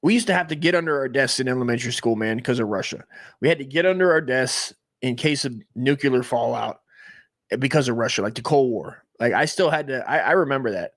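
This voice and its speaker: A man in his forties from the United States who keeps up a rambling, profane comic monologue, full of excitable restarts and tangents. His voice sits at an ordinary middle pitch for a man. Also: brisk. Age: 40s. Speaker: comedy stream host.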